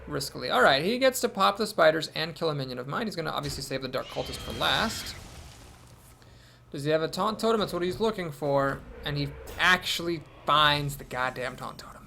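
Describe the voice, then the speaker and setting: A man's voice: on the high side, gravelly, pushed and bright, a little hiss or hum. A man thinking aloud as he commentates his own card game, with wry asides. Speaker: gameplay commentator.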